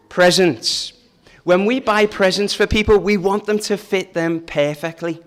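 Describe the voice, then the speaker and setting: A man's voice: high-pitched, fairly bright tone, smooth. A man leading a family church service, talking in a chatty, joking way and asking the children questions. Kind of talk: informal family service talk.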